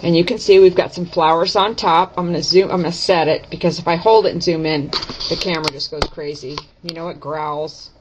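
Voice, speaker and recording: A woman's voice: on the low side, steady tone, a little fast, slight background noise. A woman chatting casually to camera as she shows her craft projects, correcting herself and explaining each step. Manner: chatty, self-correcting, folksy. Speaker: craft vlogger. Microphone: camera mic. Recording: dull lo-fi camera audio.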